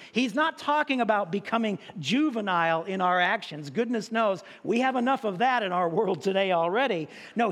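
A man preaching a sermon as pastor, with animated delivery and drawn-out emphasis on key words. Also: sits high. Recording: long reverb in a large hall.

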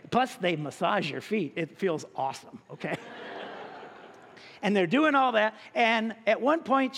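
A man's voice: high-pitched, fairly bright tone. A man preaching a sermon as pastor, talking to the congregation in a conversational, joking way with many restarts. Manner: addresses the congregation directly. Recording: long hall reverb.

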